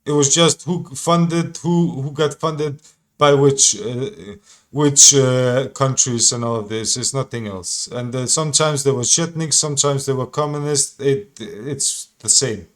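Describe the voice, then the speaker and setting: Slow-talking insistent man. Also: medium pitch, fairly bright tone. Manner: repetitive, insistent, swearing. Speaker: reaction streamer. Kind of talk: casual reaction commentary.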